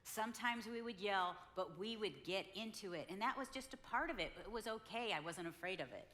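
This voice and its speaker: An older woman in her sixties shares a lively story from the stage at a conference. Her voice has a bright, clear edge and sits at a middle pitch. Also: a little fast. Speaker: conference speaker. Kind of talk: storytelling talk to a live audience.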